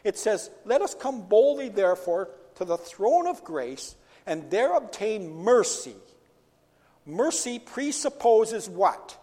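This pastor's sermon, full of self-answered rhetorical questions, comes in a high, sing-song, slow and mellow voice. He's in a church sanctuary, and the recording has a long church-hall reverb.

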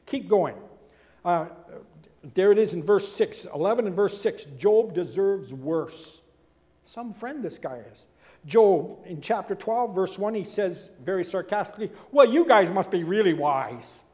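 A male preacher delivers a sermon in a mellow, high-set voice, swinging freely up and down as he acts out quoted speakers. He breaks off for casual asides and rhetorical questions. His voice carries a long reverb, like a large hall. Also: a little slow. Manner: animated, acts out quoted speakers with big swings in pitch and loudness.

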